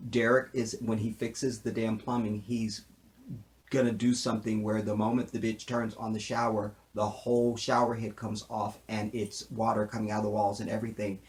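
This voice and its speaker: A man's voice: lowish voice, normal speed. Joking man recapping a TV show. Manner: joking, animated, keeps saying "see what I'm saying". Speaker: TV show reviewer. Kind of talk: casual recap commentary.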